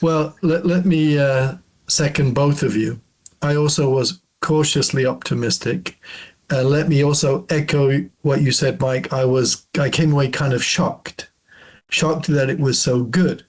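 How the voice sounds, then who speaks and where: A man who is a guest on a podcast, talking thoughtfully and with strong opinions, often pausing with fillers. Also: medium pitch. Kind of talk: casual chat.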